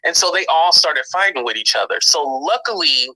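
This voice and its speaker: A man's voice: on the high side, lively intonation, moderate pace, pushed and bright, no echo, rough recording. A man hosting a livestream, candidly telling his side of a story and talking straight to his viewers in a casual, chatty way. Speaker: livestream host. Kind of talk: casual storytelling to live chat.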